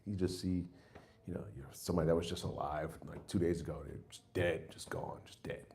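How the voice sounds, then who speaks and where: A man in his forties with a low, fairly quick voice and vocal fry performs an open-mic stand-up set. He's a rambling, profane comedian telling animated stories full of restarts.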